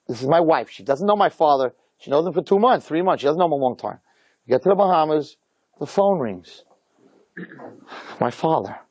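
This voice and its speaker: Rabbi man telling a story, fairly high voice, super expressive ups and downs. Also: fairly quick, pauses often, slightly rough, no echo. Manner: animated, emphatic storytelling. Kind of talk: storytelling talk.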